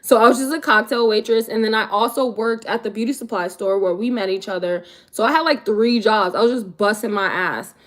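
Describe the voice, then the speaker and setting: A woman's voice: medium pitch, a little fast, hardly any pauses, fairly bright tone. A young woman in her twenties chatting casually on a livestream, answering viewers in a laid-back, slangy way. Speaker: vlogger answering live chat.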